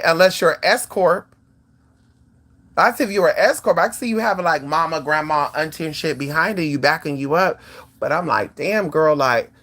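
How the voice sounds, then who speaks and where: Sassy, animated vlogger calling viewers "girl". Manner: sassy and animated, swinging pitch often; peppers speech with "girl" and "honey". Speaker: channel host. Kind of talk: casual talk to viewers.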